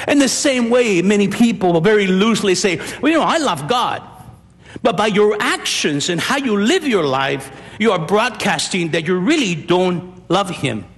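An older man preaching a sermon as pastor, emphatic and animated, asking rhetorical questions. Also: sits high, normal speed, few pauses. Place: church. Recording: long hall reverb.

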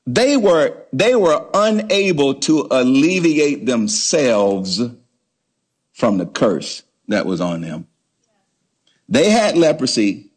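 A man's voice: on the high side, breathy edge. A man preaching a sermon, stressing points by repeating words and asking the congregation questions. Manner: emphatic preaching with call-and-response questions. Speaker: pastor.

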